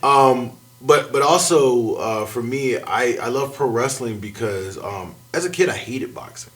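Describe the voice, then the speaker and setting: A man chatting as a guest on a talk show, animated and laughing often. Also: medium pitch, measured pace. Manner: animated, laughs often, jumps between thoughts. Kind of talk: casual chat.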